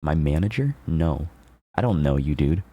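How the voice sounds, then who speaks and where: Low-voiced playful male streamer. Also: lively intonation, moderate pace, dark tone. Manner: laughing, playful, rambling asides to chat. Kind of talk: casual chat with chat.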